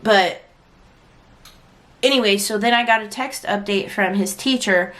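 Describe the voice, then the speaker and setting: A young woman telling a story straight to camera in a frank, chatty way. She drops into quoted lines as she goes and fills her talk with "like". Her pitch sits in the middle for a woman. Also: a little slow, fairly bright tone. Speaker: vlogger and parent. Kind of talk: casual storytime vlog.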